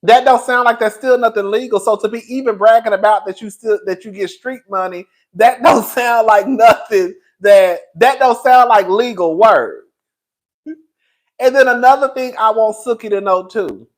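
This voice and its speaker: A man's voice: high voice, moderate pace, poor audio. A man hosting a gossip livestream, who laughs often and stretches out his words. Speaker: livestream host. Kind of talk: gossip commentary.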